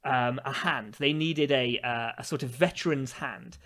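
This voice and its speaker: A man co-hosting a podcast, telling a story with animated, mocking exasperation in casual chat. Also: mid-range voice, a little slow. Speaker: podcast co-host.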